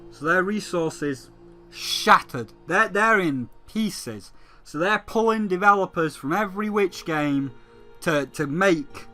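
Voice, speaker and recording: A man's voice: high voice, bright, forceful tone. A man giving a profane, sarcastic rant as a gaming commentator. He swears freely and mocks the subject as he talks.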